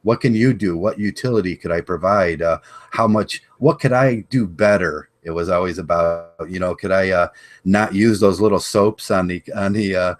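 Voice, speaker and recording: A man hosting a casual interview podcast, speaking haltingly and often repeating words as he searches for what to say. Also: sits low. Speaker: podcast host.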